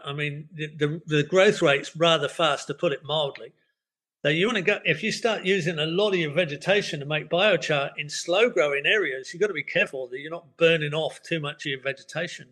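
An older man with a bright, forceful tone and a fairly high voice for a man talks through ideas as an interview guest. He rambles reflectively, stumbling over repeated words and filling gaps with "you know." His manner stays easygoing, with soft chuckles. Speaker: permaculture educator, podcast guest. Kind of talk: casual interview conversation.

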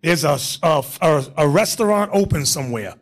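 A man's voice: on the high side, animated, normal speed. A man teaching a Bible class in an emphatic preaching manner, calling on readers and staff between points.

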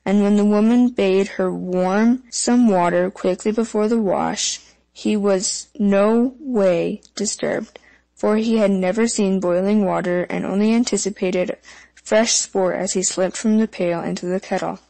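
Dark-toned woman reading fairy tales. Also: mid-range voice, steady tone, a little slow, vocal fry, poor audio. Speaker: audiobook narrator. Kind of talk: fairy tale audiobook narration.

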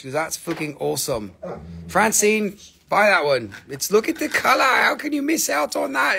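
A man's voice: sits high, creaky, bright, forceful tone, a little hiss or hum. A man hosting a live mineral sales stream, talking in a joking, rambling, playful way as he announces prices. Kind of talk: casual live selling banter.

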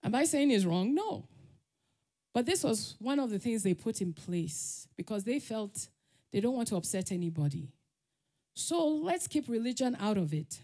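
A woman's voice: a little high, very animated, moderate pace, warm tone. A woman with a Nigerian accent giving a conference talk, telling personal stories, laughing often and acting out the voices she quotes. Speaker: conference speaker. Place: summit stage.

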